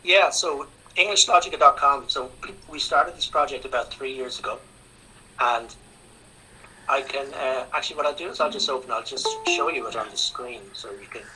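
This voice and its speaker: A man, a guest speaker on English teaching, answering questions in an online seminar, relaxed and repeating words as he thinks. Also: medium pitch, normal speed, slight background noise, rough recording. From Ireland.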